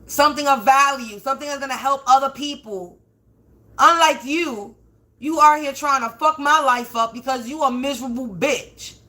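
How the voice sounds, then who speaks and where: A high-pitched, sharp-toned woman speaks at a moderate pace while hosting a livestreamed tarot-style reading. She rants with heavy profanity, rambling indignantly and repeatedly stuttering and restarting.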